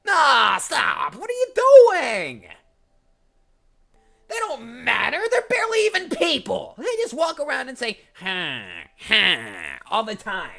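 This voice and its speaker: A voice actor playing an immature, goofy young man from a game who loves showing off, loud and whiny. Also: mid-range voice, huge pitch swings, normal speed, gravelly, few pauses, pitched above the performer's own voice, exaggerated voice. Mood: goofy bragging.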